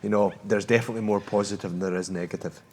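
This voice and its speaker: A Scottish fighter calmly and matter-of-factly talking through a technique in a gym. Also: male voice, fairly low pitch, racing. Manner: calm, matter-of-fact. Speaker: MMA fighter teaching a technique. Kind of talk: casual instruction.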